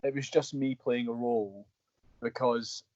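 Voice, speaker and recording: A man's voice: mid-range voice, measured pace, no room sound. A Scottish actor, a man, telling long rambling stories in an interview, with many restarts. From Scotland. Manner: rambling, restarts, animated retelling. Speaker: guest actor. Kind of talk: storytelling in an interview. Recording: dull dry lo-fi sound.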